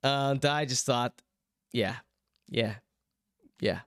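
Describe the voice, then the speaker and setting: A man's voice: medium pitch, extremely slow, a bit bright, no room sound, studio quality. A man hosting a casual live stream, ranting in theatrical mock outrage. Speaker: streaming show host. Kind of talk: casual livestream commentary.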